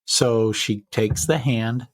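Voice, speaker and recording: A man hosting a podcast, retelling a personal story in casual chat, measured and full of quoted dialogue. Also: medium pitch, steady tone, no room sound.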